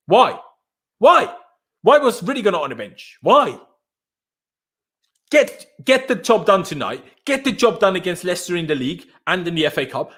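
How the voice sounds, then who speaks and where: A young man hosts a post-match fan reaction stream. His voice sits high and swings widely in pitch as he rants in exasperation. He repeats himself for emphasis and trades banter with viewers reading out their messages. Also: a bit bright. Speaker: fan channel host reacting to chat.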